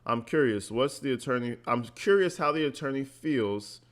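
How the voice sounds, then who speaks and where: A male vlogger reads text messages aloud and reacts with blunt, sarcastic remarks, swearing freely. His voice sits at an ordinary mid pitch. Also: expressive, moderate pace. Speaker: commentary vlogger.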